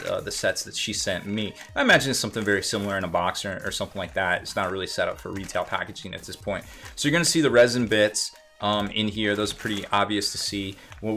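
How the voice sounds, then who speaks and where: A man's voice: on the low side, sharp tone. A man giving a casual unboxing commentary as a miniatures reviewer, rambling with fillers and self-corrections.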